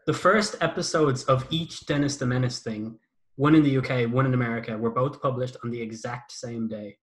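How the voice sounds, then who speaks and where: A man's voice: mid-range voice, fairly even intonation, brisk. Young male podcast host, sweary and rambling, mid-range voice. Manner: sweary, rambling and self-mocking. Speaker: podcast host and former YouTuber. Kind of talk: casual podcast chat.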